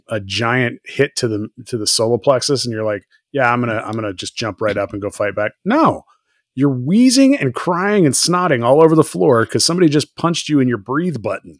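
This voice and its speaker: A man co-hosting a podcast, casually recapping a TV episode, laughing often and acting out characters in quick voices. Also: medium pitch, no room sound, clean studio sound. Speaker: podcast co-host.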